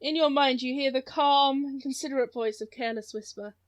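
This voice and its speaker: A woman with a high-pitched voice runs a tabletop game as its game master. She narrates casually, laughs often and now and then stops to search for a word. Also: steady tone, fairly quick.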